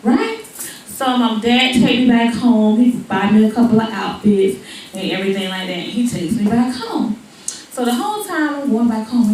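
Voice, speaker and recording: A woman in her forties doing stand-up storytelling, animated and rhythmic with repeated asides, in an echoey venue heard from far off. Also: fairly high pitch, moderate pace, a little hiss or hum. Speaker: stand-up comedian. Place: comedy venue.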